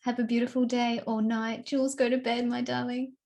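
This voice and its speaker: A woman's voice: on the high side, little pitch movement, brisk, creaky, darkish tone. A woman hosting an online event, moved and laughing as she thanks the community. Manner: affectionate, laughing. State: moved, near tears. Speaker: host.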